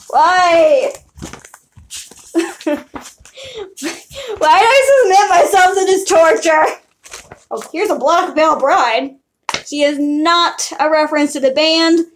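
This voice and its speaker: A woman's voice: high voice, takes it slowly, long pauses, a little hiss or hum. A young woman on a casual live stream, talking through her old drawings in a giggly, self-mocking ramble.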